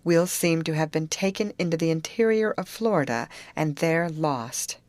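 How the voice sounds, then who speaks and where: A woman narrating an audiobook aloud, voicing the characters' lines with higher pitch. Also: normal speed, no room sound. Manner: lively reading, raises pitch for the girls' lines. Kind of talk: scripted narration.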